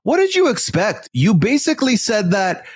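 A man hosting a casual TV recap chat, animated and incredulous as he goes over the episode. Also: moderate pace, slightly rough, dry recording. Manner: animated, incredulous, sometimes jumps high in pitch. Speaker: podcast host.

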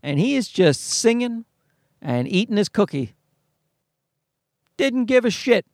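A man rants his way through a story, swearing constantly and sounding fed up. His voice sits a bit high and swings widely in pitch. The sound is close and dry. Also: sing-song, a little slow, darkish tone, no echo. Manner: profane, exasperated ranting. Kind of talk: comic ranting anecdote.

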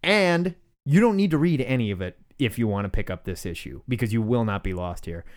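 A man's voice: medium pitch, animated, brisk. A man co-hosting a casual comics podcast, laughing often and telling stories with animation. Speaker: podcast co-host.

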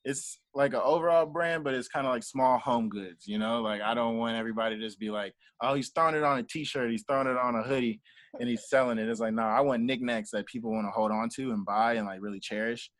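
A young man chatting in a relaxed interview, voice in the middle range for a man. He talks in a casual, rambling way and slips into quoted back-and-forth as he tells stories. The sound is dry and close, with no room echo. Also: mid-range voice, fast. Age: young adult. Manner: animated storyteller acting out quoted dialogue. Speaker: guest, entrepreneur and artist manager.

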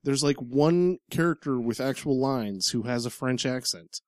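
A man talking in a casual podcast chat, measured and a little hesitant, often pausing on an um. His voice is at an ordinary pitch, recorded dry and close. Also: no echo. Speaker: podcast co-host.

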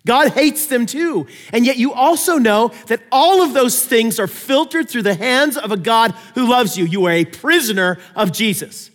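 A man preaching a sermon, telling stories with animated swings between loud emphasis and quiet asides. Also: very high voice, normal speed, hardly any pauses, in a large hall. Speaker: pastor.

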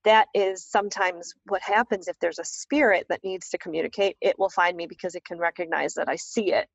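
A woman guest tells a story in casual conversation, animatedly acting out the voices of the people she quotes. Her voice is fairly low, brisk, gravelly and slightly rough. The recording is dull, lo-fi, dry and echo-free.

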